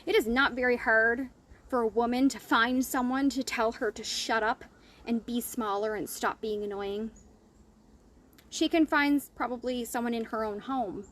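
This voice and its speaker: A woman's voice: a little high, steady tone, moderate pace, a bit bright. A woman business coach talking straight to her audience in a blunt, profane, fired-up monologue. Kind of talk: impassioned monologue to camera.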